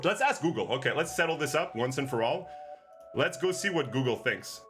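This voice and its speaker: A man's voice: a little high, animated, brisk, over music. A man commentating his own gameplay live as a streamer, playful and teasing with his chat. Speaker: game streamer.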